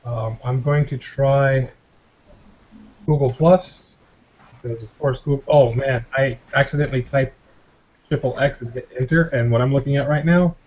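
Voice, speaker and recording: A man's voice: mid-range voice, fairly even intonation, normal speed, darkish tone. Man rambling on a muffled video call. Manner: rambling, laughing, repeats words. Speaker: host of a motovlogger hangout. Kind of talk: casual group video chat.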